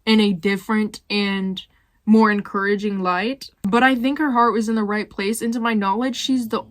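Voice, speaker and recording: A woman's voice: mid-range voice, steady tone, moderate pace, no room sound. A young woman giving blunt, opinionated commentary with casual swearing as a video host. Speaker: YouTuber ranking reality show cast.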